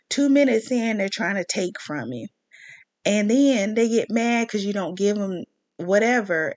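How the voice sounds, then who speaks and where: A woman talks straight to her viewers in a loose, ranting monologue, stopping often to check in with an "okay?" or a "you know?". Her pitch sits in the middle range for a woman, and her delivery is plain and conversational. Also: darkish tone. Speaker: commentary channel host.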